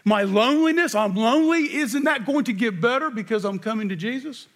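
A man's voice: very high voice, lively intonation, brisk. A man preaching a sermon, reading scripture aloud and asking earnest rhetorical questions. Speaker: pastor.

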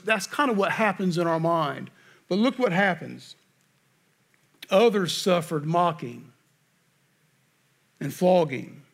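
A man's voice: high-pitched, fairly bright tone. A man preaching a sermon, reading scripture aloud and asking earnest rhetorical questions. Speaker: pastor.

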